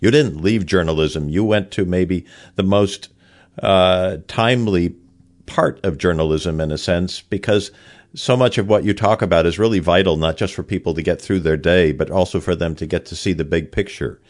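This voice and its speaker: Deep-voiced man thanking a guest earnestly. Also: moderate pace. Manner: warm, earnest, long-winded thanks. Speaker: podcast co-host. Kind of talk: casual podcast chat.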